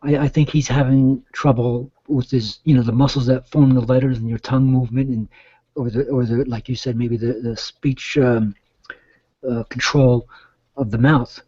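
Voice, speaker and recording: Casting note: middle-aged male guest, rambling and mellow, dry lo-fi audio. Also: medium pitch, steady tone, normal speed, husky, dry recording. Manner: rambling, with many restarts. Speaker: guest caller. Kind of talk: casual chat. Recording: dull, dry lo-fi sound.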